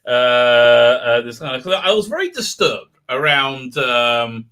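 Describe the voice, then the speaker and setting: A man's voice: medium pitch, sing-song, measured pace, pushed and bright, clean tone. A man hosting a livestream in casual chat, rambling and restarting often, with laughs breaking into his words. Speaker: livestream host.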